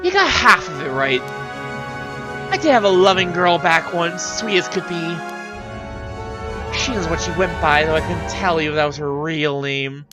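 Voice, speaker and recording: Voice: mid-range voice, lively intonation, measured pace, long pauses, over music, voice pushed up, lightly acted. A streamer voicing an older male killer obsessed with black magic, reading game dialogue aloud, bitter and breaking into screaming rage.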